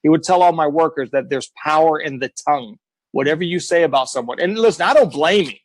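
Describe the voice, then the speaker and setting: A middle-aged American man tells his own life story with earnest emphasis, slipping into the voices of the people he quotes. His voice sits a little high for a man. The sound is dry and close, as if on a video call. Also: fast talker, dry recording, rough recording. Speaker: guest. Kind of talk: emotional personal storytelling.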